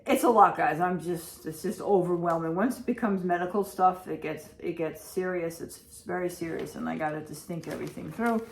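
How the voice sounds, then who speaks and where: A woman's voice: fairly low pitch, steady tone, brisk, few pauses. A woman vlogging casually at home, rambling and repeating herself in an anxious, emotional way. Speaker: vlogger and pet owner. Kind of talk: casual day-in-the-life vlog. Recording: roomy with faint background noise.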